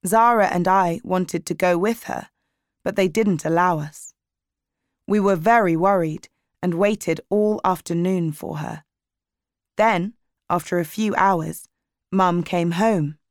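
Woman narrator, slow clear read, dry close mic. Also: lowish voice, dry recording. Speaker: audiobook reader. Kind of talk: slow graded-reader narration.

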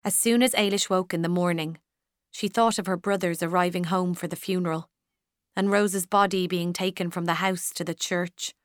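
A woman narrating a storybook in a measured, even manner, close to the mic. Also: lowish voice, no echo. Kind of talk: scripted audiobook narration.

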